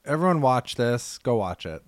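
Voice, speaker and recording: A man's voice: mid-range voice, very animated, moderate pace, over a noisy crowd. A man co-hosting a podcast in casual chat, dropping playful, teasing asides. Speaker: podcast co-host.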